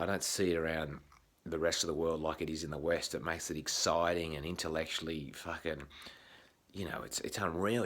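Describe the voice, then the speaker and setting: A man's voice: rumbling low, a bit bright. An Australian man vlogging in a casual, rambling monologue, swearing often and restarting his sentences. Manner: frequent swearing, halting restarts.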